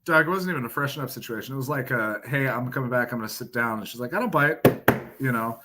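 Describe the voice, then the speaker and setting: A man, a podcast guest, telling a profane, lively anecdote full of quoted dialogue. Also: mid-range voice, very fast. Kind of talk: casual storytelling.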